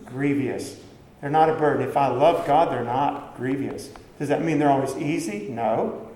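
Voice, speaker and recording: A man's voice: mid-range voice, moderate pace, warm tone, a little hiss or hum. A man preaching a sermon in a conversational way, asking the listeners questions and answering them himself. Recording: echoey hall with faint background ambience.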